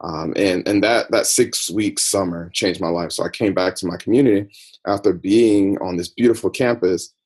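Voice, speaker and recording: A man's voice: sits low, fairly even intonation, moderate pace, a little mellow, breathy edge. A man from the United States, a podcast guest, recounting his life story in a reflective, personal way. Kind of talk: interview storytelling.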